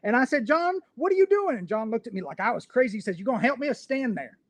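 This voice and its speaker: A man's voice: a little high, sing-song, measured pace, a little mellow, breathy edge, exaggerated voice. A man putting on a drawling pig farmer. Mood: wry. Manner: drawling country storytelling voice. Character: folksy rural male pig farmer narrating.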